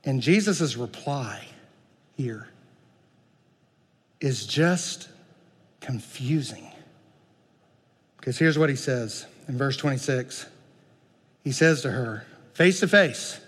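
A male pastor preaching a sermon, moving between loud pleading and quiet, conversational asides. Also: mid-range voice, lively intonation, slow pace, long pauses, breathy edge, big-room sound.

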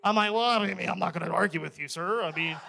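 Young male minister, high voice, lively joking testimony with frequent laughs. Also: fast, gravelly, slight background noise. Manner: animated, joking, laughs often. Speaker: church minister. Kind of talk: testimony sermon. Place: church.

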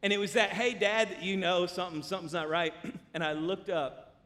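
A male pastor preaching a sermon, telling stories animatedly with big swings from loud to hushed. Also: sits high, fairly even intonation, a little fast. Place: church sanctuary. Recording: long church hall reverb.

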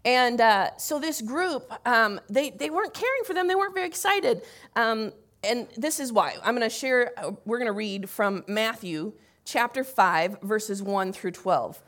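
A woman's voice: a little high, lively intonation, a little slow, a bit bright. A woman pastor giving a conversational sermon to her congregation in church, with frequent fillers and restarts. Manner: conversational, with fillers and self-corrections.

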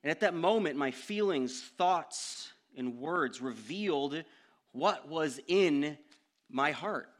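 A young man preaching a sermon, telling a personal story in an animated way that climbs into loud outbursts. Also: fairly high pitch, takes it slowly.

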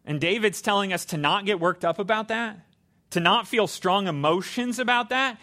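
A man's voice: high voice, normal speed, sharp tone. A man preaching a sermon, earnest and conversational, with frequent restarts. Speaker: pastor.

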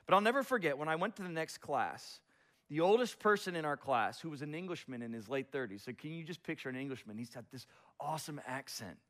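A man's voice: on the high side, lively intonation, fast talker, a bit bright. A man preaching a sermon, reading scripture and telling a self-deprecating story about his early preaching. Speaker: pastor.

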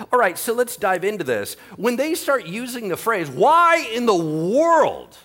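A male pastor giving a conversational sermon, animated and talking straight to his listeners. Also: on the high side. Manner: animated, conversational preaching with asides to the audience.

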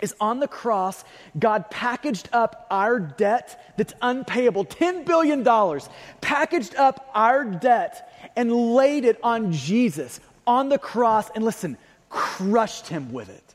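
Male preacher, high voice, emphatic and repetitive delivery, long hall reverb. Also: animated, takes it slowly. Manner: emphatic, repeats key phrases, swings between loud and hushed. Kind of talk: sermon.

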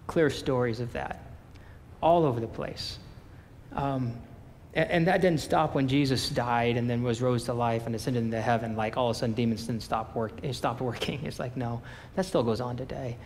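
Animated, casual male pastor preaching. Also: mid-range voice, in a large hall, a little hiss or hum. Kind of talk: sermon.

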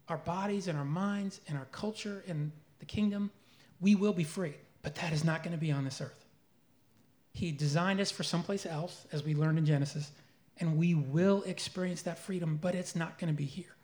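A man's voice: fairly high pitch, moderate pace, a little mellow. A man answering faith questions at a live church Q&A in an earnest, reflective way. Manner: earnest, reflective, grows emotional.

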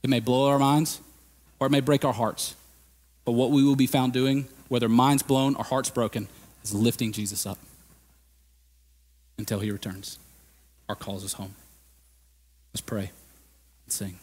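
Impassioned preacher in a reverberant hall. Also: male voice, mid-range voice, steady tone, a little slow, long pauses. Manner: impassioned, rising to loud emphatic peaks and dropping to quiet; conversational preaching with casual fillers. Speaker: lead pastor. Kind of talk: sermon. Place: church sanctuary.

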